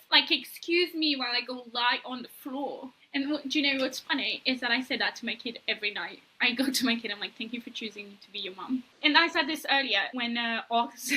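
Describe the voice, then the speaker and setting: A young woman co-hosting a casual book-discussion podcast, talking in an animated, gushing way and swearing freely. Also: high-pitched, rough recording. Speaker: podcast co-host.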